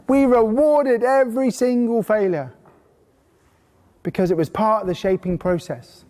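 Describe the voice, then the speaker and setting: A man teaching a horse-training course to a live group indoors, telling lively stories and bursting into playful praise voices. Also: high-pitched, measured pace. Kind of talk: live workshop talk to a group. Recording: long hall reverb.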